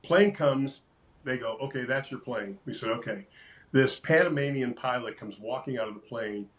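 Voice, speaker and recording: An older sportscaster telling lively stories in a casual interview, acting out quotes and laughing often. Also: male voice, medium pitch, normal speed, poor audio. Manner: animated storyteller, acts out quotes, laughs often. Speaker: sportscaster guest.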